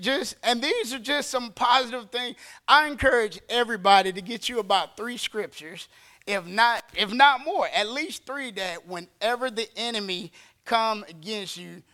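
A man's voice: high-pitched, bright, forceful tone, smooth. A man preaching a sermon in an emphatic, conversational way. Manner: emphatic and conversational, acting out quick dialogue.

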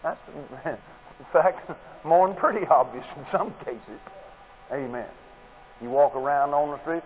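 Preacher guy, high voice, folksy, tinny old tape w/ hiss. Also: measured pace, long pauses. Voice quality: folksy, plain-spoken storyteller who acts out quotes. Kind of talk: sermon. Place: convention hall.

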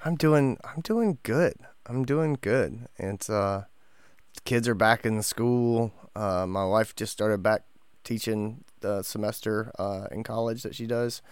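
A man in his forties co-hosts a podcast, telling a family story in casual chat as an animated storyteller who laughs often. His voice is on the low side and slow, with a clean tone and no echo.

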